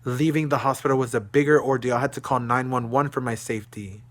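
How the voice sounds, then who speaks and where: Speaking fast with fairly even intonation, a young Dallas, Texas man records a video diary in his room. The vlogger vents angrily and profanely, his words sinking into a low murmur at times.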